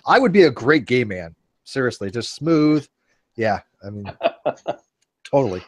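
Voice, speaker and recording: A man's voice: medium pitch, sing-song, a little slow, no echo. A man in his forties hosting a casual panel chat, rambling and joking at his own expense. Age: 40s. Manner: rambling, joking, self-mocking. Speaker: host.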